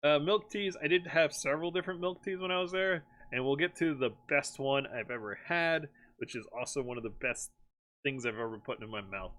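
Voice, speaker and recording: A man's voice: a little high, brisk. A man hosting a live stream, chatting casually and rambling, laughing often. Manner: rambling, laughs often, animated when excited. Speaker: streamer host. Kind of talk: casual chat.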